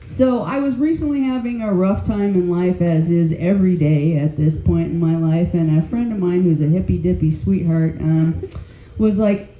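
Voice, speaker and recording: A woman's voice: lowish voice, moderate pace, dark tone, slight background noise. An older woman doing a stand-up comedy set, telling blunt, profane stories on a club stage. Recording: roomy club echo.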